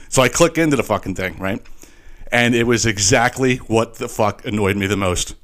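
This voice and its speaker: A man with a slight Philadelphia accent, hosting a podcast in a rambling, animated monologue full of profanity and restarts. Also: mid-range voice, a little fast. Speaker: podcast host.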